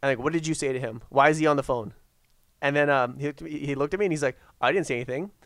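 Fast-talking man, halting delivery. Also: fairly high pitch, fairly bright tone, dry recording. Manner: halting, repetitive storyteller with many restarts. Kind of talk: casual storytelling chat.

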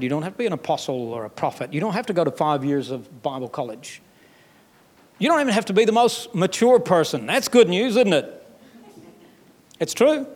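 A male pastor with a Southern US accent preaches in a fairly high voice. He talks in a folksy, emphatic way and pushes up into loud, rising stretches. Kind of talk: sermon.

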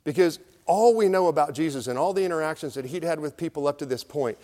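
Speaking fast in a warm, fairly high voice, a middle-aged pastor gives a storytelling sermon in a conversational manner, acting out the voices of a crowd. A long hall reverb trails his words.

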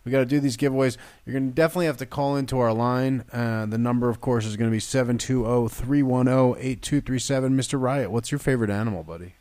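Brisk male radio host, smooth clear voice, dry close sound, runs giveaways and callers. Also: mid-range voice, a little mellow, dry recording. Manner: brisk, hypes callers, repeats the call-in number. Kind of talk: casual radio banter.

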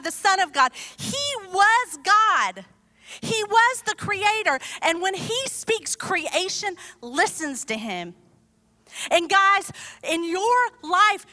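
A woman delivering a sermon with a high, bright voice. She preaches conversationally, telling the story with lively asides. The sound carries a long hall reverb.

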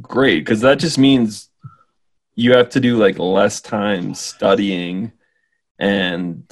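A man co-hosting a podcast in casual chat, animated, filling his talk with "like" and dropping into Spanish. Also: fairly low pitch, slow pace. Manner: animated, says like a lot, mixes in Spanish. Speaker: podcast co-host.

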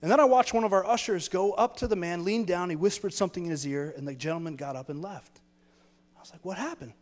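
High-voiced earnest male preacher. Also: quick pace, long reverb tail. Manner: earnest, storytelling preacher with repeated phrases. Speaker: pastor. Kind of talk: sermon.

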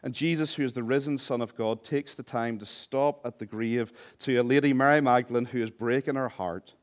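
A man preaching a sermon as pastor, passionate, swinging between hushed and loud, with humorous asides. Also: mid-range voice, fairly even intonation, a little fast.

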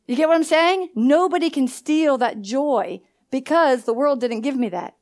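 Woman pastor, high voice, call-and-response sermon with personal stories. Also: normal speed, darkish tone. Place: church hall.

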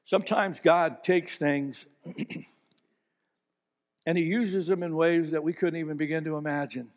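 A man's voice: a little high, fairly even intonation, unhurried, long reverb tail. A man from Ohio preaching a sermon, telling stories earnestly and building to emphatic delivery. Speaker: pastor.

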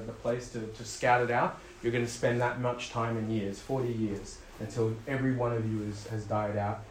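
A man's voice: mid-range voice, roomy sound, a little hiss or hum, rough recording. A man preaching casually and with animation, retelling scripture with lots of fillers and restarts. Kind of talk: casual sermon.

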